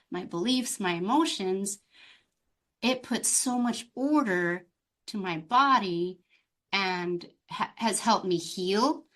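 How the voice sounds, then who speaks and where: A middle-aged woman speaking as a coach guest in a relaxed interview. She tells her story with animated, expressive energy, and her voice sits at an ordinary pitch. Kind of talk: conversational interview.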